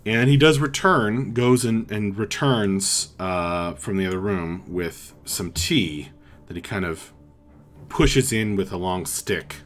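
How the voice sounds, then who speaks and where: A man narrating as dungeon master, slow and halting with many fillers. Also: fairly low pitch, soft background music. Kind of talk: narrating a tabletop game.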